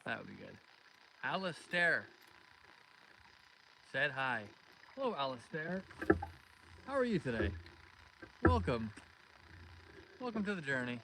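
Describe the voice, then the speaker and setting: A man's voice: medium pitch, sing-song, slow, vocal fry, long pauses, bright, forceful tone, poor audio. A man hosting a live fishing stream from a boat outdoors, chatting casually and greeting viewers by name. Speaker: fishing livestream host. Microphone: phone streaming live. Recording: wind and outdoor noise.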